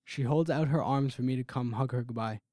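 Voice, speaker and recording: A young man tells a first-person story with intense, brooding emotion. His voice sits in a middle pitch and is recorded dry and close, with no room around it. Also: fairly quick, dark tone, dry recording.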